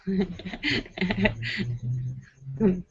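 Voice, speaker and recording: A woman's voice: lowish voice, expressive, extremely slow, highs cut off, a little hiss or hum. A woman hosting a casual live stream and reading viewer comments aloud, playful and sassy, with frequent laughter and joking asides.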